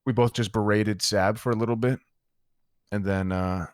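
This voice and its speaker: A man's voice: on the low side, steady tone, moderate pace, clear, resonant tone, no room sound, clean studio sound. A man in character in an online roleplay, telling a heated, profane story to a friend. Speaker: roleplay gang member recounting events.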